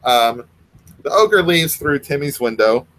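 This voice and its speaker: A man's voice: a little high, expressive, unhurried, fairly bright tone, a little hiss or hum, rough recording. A man reading his own short story aloud, breaking off for wry, self-mocking asides.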